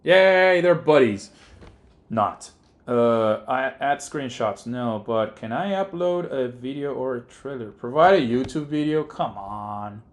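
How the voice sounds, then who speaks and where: A man's voice: medium pitch, lively intonation, slow. A man, a native Spanish speaker with a Rioplatense accent, casually chatting and thinking aloud as he streams his game development work. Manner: rambling, thinking aloud with many fillers. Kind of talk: casual live-stream chat while working.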